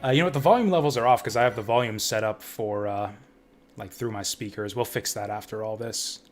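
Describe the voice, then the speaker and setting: A man's voice: lowish voice, a little fast. A man streaming a game from home, chatting casually and ranting bluntly with plenty of swearing. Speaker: livestreamer playing games. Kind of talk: casual live-stream commentary.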